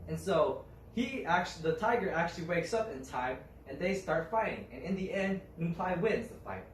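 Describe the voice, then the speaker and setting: A young man retelling a folk tale to a group, halting with fillers and restarts. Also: a little high, lively intonation, a little hiss or hum. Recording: roomy, mic at a distance, faint ambience.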